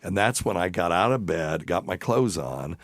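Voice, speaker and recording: A man's voice: low-pitched, lively intonation, normal speed, no echo, studio quality. A middle-aged man hosting a podcast, telling a crude, rambling anecdote in casual chat. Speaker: podcast host.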